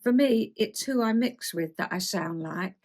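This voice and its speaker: A woman's voice: medium pitch, lively intonation, measured pace, darkish tone. A woman in her seventies with a London accent, reading her own memoir aloud and breaking off into rambling, self-deprecating asides. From South East England. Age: 70s. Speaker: host.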